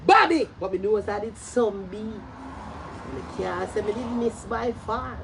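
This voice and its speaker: A young Jamaican woman ranting loudly in commentary, profane and brash, bursting into shouts and cackling laughter. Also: mid-range voice, animated, slow, background noise. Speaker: social media commentator.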